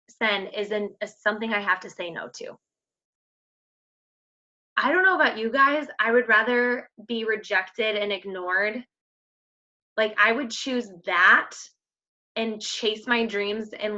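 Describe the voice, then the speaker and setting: A woman's voice: on the high side, sharp tone, dull audio. A woman coaching her fitness team in an emphatic, slangy pep talk. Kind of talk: motivational team call.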